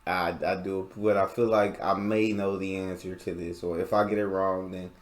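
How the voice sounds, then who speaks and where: An American man hosting a reaction video, talking casually with relaxed, chatty asides. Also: low voice, normal speed. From United States.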